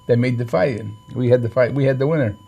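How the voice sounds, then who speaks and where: A man's voice: medium pitch, fast, creaky, mellow, slightly rough. An older man, a boxing trainer and manager, telling long rambling stories in an interview, with many fillers and restarts. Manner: rambling, full of fillers and restarts, acts out quoted lines. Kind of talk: storytelling in an interview.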